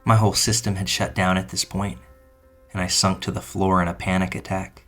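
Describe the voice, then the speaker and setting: Brief: male narrator, very low voice, even delivery, soft music underneath. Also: a little fast. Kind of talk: scripted narration of a true story. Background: faint music.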